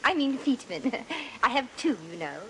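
A woman's voice: high-pitched, huge pitch swings, moderate pace, fairly bright tone, slight background noise, full character voice, low-quality recording. An actress playing a brash showgirl who puts on grand-lady airs and slips up, in 1940s radio acting. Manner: put-on posh airs with slips, giggly.

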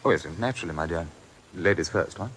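An actor playing a gallant, stammering lord in a 1940s radio drama. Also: male voice, low-pitched, expressive, quick pace, a bit bright, a little hiss or hum. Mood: courtly. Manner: fussy and stammering. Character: gallant, flustered English lord in love.

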